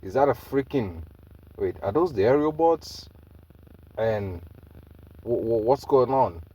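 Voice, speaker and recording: A man's voice: medium pitch, lively intonation, slow pace, mellow, husky, distant mic, low-quality recording. A man voicing a giant male robot monster who stammers in confusion. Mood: baffled. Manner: stammering, baffled.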